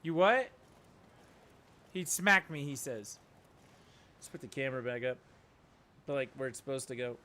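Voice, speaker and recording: A man's voice: medium pitch, lively intonation, moderate pace, long pauses. A middle-aged man chatting casually while streaming a video game with viewers. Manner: chatty, talks to his dog in a soft coaxing voice. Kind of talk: casual live-stream chat.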